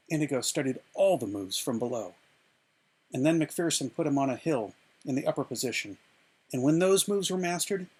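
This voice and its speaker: Brief: male reader, fairly high-pitched and raspy, expressive book narration at home. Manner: expressive, measured storytelling. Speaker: reader of a novel. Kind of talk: dramatic book reading.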